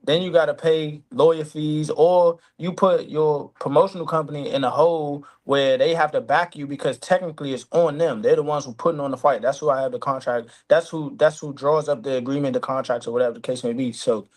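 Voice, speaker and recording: A man, a professional boxer, answering an interview in an earnest, measured, slightly aggrieved way. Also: on the high side, steady tone.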